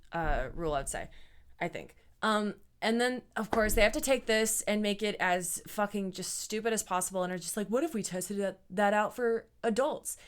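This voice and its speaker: A woman's voice: mid-range voice, a bit bright, smooth. A young woman giving a blunt, sarcastic commentary, peppered with swearing and "like" fillers. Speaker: YouTuber. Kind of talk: casual commentary vlog.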